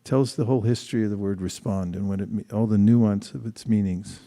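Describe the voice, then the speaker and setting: A man with a mellow, fairly low voice leads a scripture class. He reads a passage and then puts questions to the group in a thoughtful way, pausing often to rephrase his words. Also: steady tone. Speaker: class leader.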